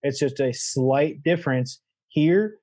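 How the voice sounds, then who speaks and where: A man who is a guest on a casual podcast, explaining his technique in a measured way. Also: on the high side, a little mellow, husky. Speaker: guest, goose calling champion.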